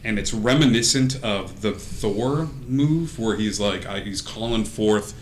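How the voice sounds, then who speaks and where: A man's voice: lowish voice, unhurried. A man narrating a tabletop game as game master, casual, with many fillers and frequent laughs. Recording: echoey room with faint noise.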